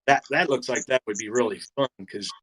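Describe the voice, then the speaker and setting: A man, a guest angler, answering questions in a laid-back way with many pauses and ums. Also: medium pitch, fairly bright tone, low-quality recording. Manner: laid-back, hesitant, lots of ums and trailing off. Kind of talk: casual interview answers.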